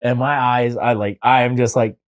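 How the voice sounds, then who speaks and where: A man's voice: mid-range voice, level tone, moderate pace. A young man, a podcast guest, telling a long personal story in casual chat, full of filler words like "like" and "dude".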